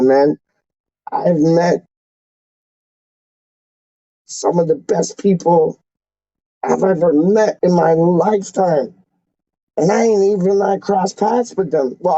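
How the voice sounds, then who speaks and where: A man's voice: high-pitched, dark tone, dry recording, highs cut off. A man hosting a fan channel, talking in a casual, slangy and emotional way with many repeated exclamations.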